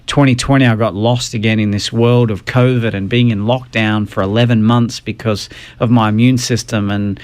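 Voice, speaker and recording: A man's voice: on the low side, fairly even intonation, moderate pace, hardly any pauses, darkish tone. A man, a podcast guest sharing his faith story in an earnest, emotional way. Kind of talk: personal testimony in a podcast interview.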